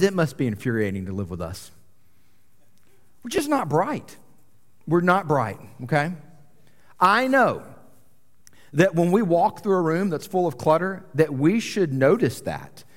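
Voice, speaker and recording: Young pastor guy, high voice, chatty and self-mocking, big echoey church hall. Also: a bit bright. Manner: joking, self-deprecating, chatty. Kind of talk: conversational sermon. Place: church sanctuary. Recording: long reverb of a large church hall.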